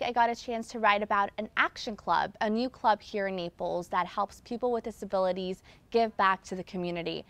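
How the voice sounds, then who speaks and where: A woman newspaper reporter describing her recent story in an upbeat, conversational way. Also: medium pitch.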